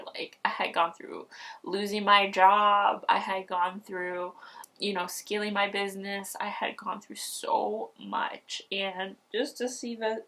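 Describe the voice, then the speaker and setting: A woman's voice: gravelly, distant mic. Woman vlogger with a mid-range voice, candid and chatty storytelling, acts out quotes, sits a little back from the mic. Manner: animated, acts out quoted lines with big pitch jumps; candid and chatty, addresses viewers directly. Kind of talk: casual storytelling.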